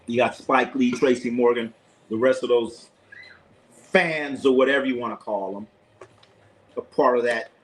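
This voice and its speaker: A man doing casual live play-by-play for his online chat, with a voice of ordinary middle pitch. He is blunt and opinionated, swears freely, and tends to say the same line two or three times over. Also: steady tone, unhurried, pauses often, rough recording. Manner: blunt, opinionated, profane, repeats himself. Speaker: live sports commentator, channel host.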